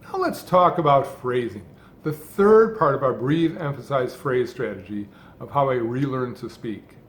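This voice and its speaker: A man's voice: mid-range voice, lively intonation. A man coaching on speech, talking in short, rhythmic, emphatic phrases in a scripted talk. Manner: rhythmic, deliberately phrased delivery with heavy emphasis. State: person who stutters, speaking fluently. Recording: echoey room.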